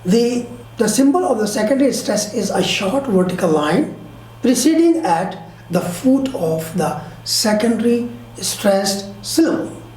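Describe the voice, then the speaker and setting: A woman teaching pronunciation in a slow, repeating lesson, speaking. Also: mid-range voice, darkish tone, roomy sound, poor audio. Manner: explains slowly, repeating and quizzing the listener. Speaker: English teacher. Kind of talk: online grammar lesson.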